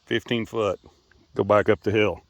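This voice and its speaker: A man's voice: fairly low pitch, fairly even intonation, normal speed, dry recording, lo-fi sound. A man chatting playfully to his pets outdoors by a river, teasing, coaxing and laughing often. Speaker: pet owner filming his animals. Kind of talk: casual talk to pets.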